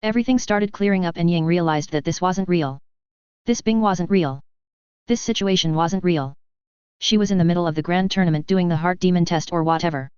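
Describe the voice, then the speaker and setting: A narrator reading a fantasy web novel aloud in a steady, even audiobook style. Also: medium pitch, fairly quick, smooth, dry recording, highs cut off.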